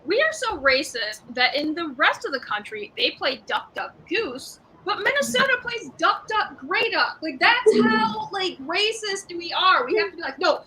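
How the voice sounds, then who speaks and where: A woman's voice: very high voice, very animated, moderate pace, few pauses, noisy background. A young woman stand-up comedian doing a live-streamed set, talking in a sarcastic, rambling, conversational way.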